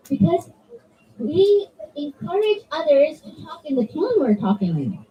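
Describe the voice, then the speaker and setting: A woman's voice: high-pitched, a little slow, distant mic, highs cut off, slight background noise. A woman giving an interactive religious talk to children, acting out her examples. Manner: animated, acts out examples in voices. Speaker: children's religious class speaker. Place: religious center hall.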